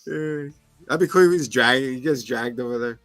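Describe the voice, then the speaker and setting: A man's voice: mid-range voice, a little fast, a bit bright, no echo. A man co-hosting a casual movie review podcast, animatedly acting out scenes in little voices. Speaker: podcast co-host.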